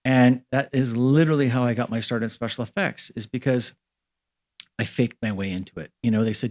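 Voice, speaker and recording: A man in his fifties from Canada, a guest in an interview, telling stories from his career casually and acting out the dialogue with lively jumps in pitch. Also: fairly quick. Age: 50s. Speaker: interview guest, special effects supervisor.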